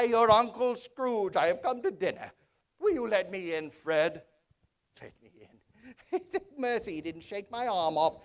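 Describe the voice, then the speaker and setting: A man playing a giddy old reformed miser. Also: full character voice. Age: older. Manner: exuberant, chuckling, switches between high excitement and low hushed narration. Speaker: stage performer in a one-man show. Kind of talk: theatrical storytelling monologue.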